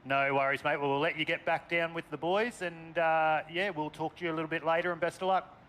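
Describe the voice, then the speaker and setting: A man's voice: fairly high pitch, steady tone, a little fast, a bit bright. An Australian man commentating a sim race, chatty and calling people mate. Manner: chatty, calls drivers mate, speeds up in race calls.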